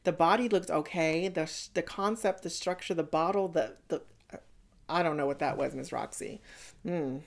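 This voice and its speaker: A reaction channel host bluntly critiques the contestants, talking right to them with sassy pet names such as "baby" and "honey." Her voice is on the low side and creaky, and she speaks at a normal speed.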